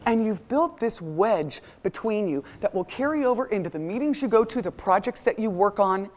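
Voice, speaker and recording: A middle-aged woman giving a motivational talk to a live audience, telling stories with lively acted-out voices. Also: mid-range voice, normal speed. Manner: animated storytelling, acts out quoted voices. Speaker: motivational speaker.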